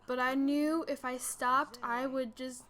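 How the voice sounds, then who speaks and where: A young adult woman telling an animated story over gameplay, full of "like" fillers. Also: high voice, measured pace. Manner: animated, breathless retelling with many "like" fillers. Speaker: gaming channel host.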